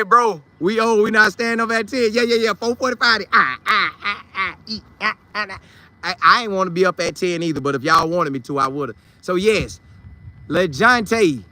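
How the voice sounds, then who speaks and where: Guy hosting a sports stream, talks to chat by name, high voice, real bright tone. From Polk County, Florida. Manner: loose, slangy, talks back to chat by name. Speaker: sports livestream host. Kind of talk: casual live chat, reading viewer comments.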